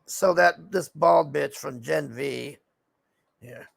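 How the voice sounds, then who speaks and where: A man's voice: a little high, slow pace, creaky, over music. A man recapping a TV show in a casual, rambling rant, frustrated and swearing often. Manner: frustrated, profane ranting; rambling with frequent fillers. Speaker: TV show reviewer.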